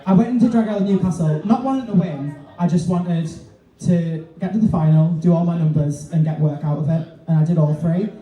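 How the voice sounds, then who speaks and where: A man's voice: on the high side, brisk, warm tone. A man co-hosting a live podcast in a bar, rambling and full of fillers, swearing freely. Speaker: co-host, drag performer. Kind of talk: casual live podcast chat. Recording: echoey bar, distant mic.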